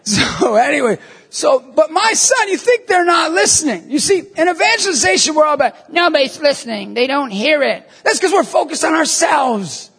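A man in his thirties giving an emphatic evangelization talk to an audience, telling stories and breaking into shouts. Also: very high-pitched, big pitch swings, normal speed. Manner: emphatic, storytelling, bursts into shouts. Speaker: Catholic evangelist speaker. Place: large hall before an audience. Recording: long reverb of a hall.

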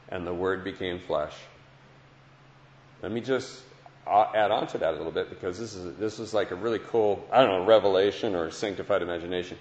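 A man's voice: sits low, moderate pace, a little mellow. A man preaching a heartfelt Christian sermon and testimony, earnest, often repeating phrases, to listeners in a large hall. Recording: dull lo-fi sound with long hall echo.

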